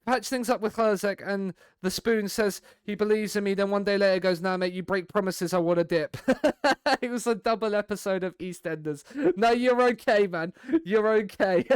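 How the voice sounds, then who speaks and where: A man's voice: high-pitched, steady tone, moderate pace, few pauses, smooth, dry recording, studio quality. A young man streaming a football management game, chatting casually with viewers in a rambling way. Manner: rambling, chatty, talks to viewers while playing.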